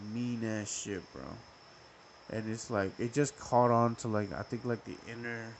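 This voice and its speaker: Young male podcast host, gravelly, animated profane storyteller. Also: mid-range voice, slight background noise, poor audio. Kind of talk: casual storytelling.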